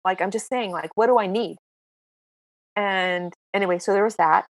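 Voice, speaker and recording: A woman in her sixties, a podcast guest telling stories in a casual, lively, self-mocking way. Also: mid-range voice, normal speed, dry recording. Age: 60s. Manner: lively, self-mocking storyteller who acts out dialogue. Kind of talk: casual interview storytelling.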